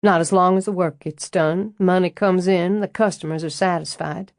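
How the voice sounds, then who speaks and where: Narrator doing frank older Southern lady, low voice, blunt and dry, audiobook. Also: steady tone, moderate pace, a little mellow, no room sound, lightly acted. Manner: blunt and dryly amused. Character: frank, wry, elegant older Southern woman estate owner.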